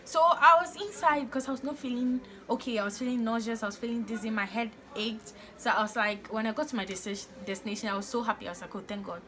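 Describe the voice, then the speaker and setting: Young woman, bright forceful voice, animated storytime vlog, exasperated, lots of fillers. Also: a little high, fast talker, few pauses, a little hiss or hum. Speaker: vlogger.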